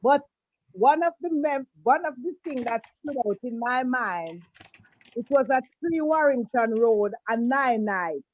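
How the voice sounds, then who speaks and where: A woman's voice: a little high, animated, a little slow, dry recording. A woman on a video call, affectionately calling people darling and honey as she recalls old times. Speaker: guest. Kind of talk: casual video call chat. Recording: dull, dry video call audio.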